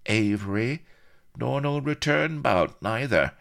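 A sneering, taunting male questioner in old-fashioned pirate talk, put on by a male storyteller. The voice sits well above a gravelly bass and swoops up and down with mocking relish. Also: expressive, takes it slowly, fairly bright tone, heavily acted. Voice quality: archaic mock-pirate speech, taunting.

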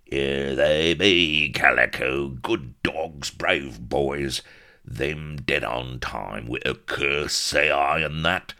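A man's voice: a bass voice, drawn-out words, bright, forceful tone, exaggerated voice. A man doing a blustering old pirate, Firebeard. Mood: gloating. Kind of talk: audiobook character voice.

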